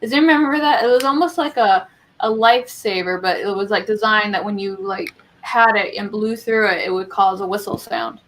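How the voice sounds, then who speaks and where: A woman's voice: mid-range voice, brisk, a bit bright, slight background noise. A woman in casual chat, reminiscing and searching for her words.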